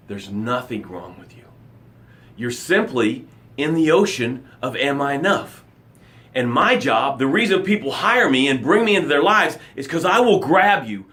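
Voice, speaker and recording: Upbeat motivational coach, man. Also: fairly high pitch. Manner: energetic, animated, reads viewer comments aloud. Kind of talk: live motivational broadcast.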